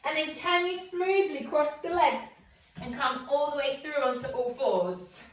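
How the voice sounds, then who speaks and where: A woman's voice: sits high, a little slow. A woman guiding a yoga class, encouraging and playful, asking coaxing questions. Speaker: yoga instructor. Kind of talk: guided yoga class instruction. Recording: very echoey room, voice from a distance.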